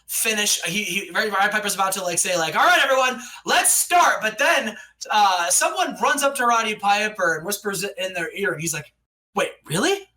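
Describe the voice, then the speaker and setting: A man casually recapping a wrestling simulation game, telling it like an excited announcer and playing the crowd. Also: sits high, a little fast, few pauses, far from the mic, rough recording. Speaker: podcast co-host recapping a wrestling sim. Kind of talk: casual chat.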